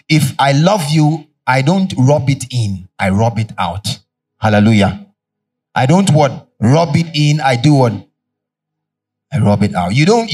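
A man's voice: medium pitch, a little mellow, husky, recorded from a distance. A Ghanaian man preaching a sermon as pastor, leading his congregation in call-and-response with fill-in-the-blank questions.

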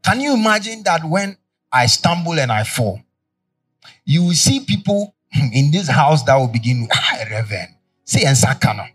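A Ghanaian man preaches with a husky, somewhat breathy voice, picked up from a little way off the microphone. He drives the sermon with call-and-response, tossing half-finished questions to the congregation. Soft music runs faintly underneath. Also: fairly high pitch, sing-song, a little slow, distant mic. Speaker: pastor.

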